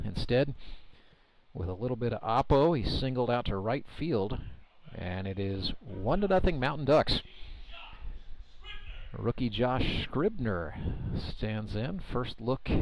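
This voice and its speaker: A man calling a baseball game live as play-by-play commentator, relaxed and chatty with dry humor. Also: mid-range voice, rough recording. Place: ballpark broadcast booth.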